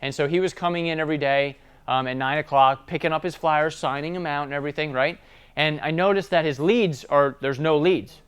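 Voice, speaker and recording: A man's voice: fairly high pitch, brisk, smooth. A man giving a casual sales training talk, telling stories and often checking in with tag questions. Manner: conversational storytelling, tag questions.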